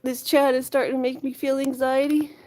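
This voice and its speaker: A woman with a high voice talks casually on a live stream. She coos at her cat in sing-song baby talk, then chats with viewers as she reads their messages aloud. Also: flat delivery, brisk, darkish tone. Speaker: livestreamer with pet cats.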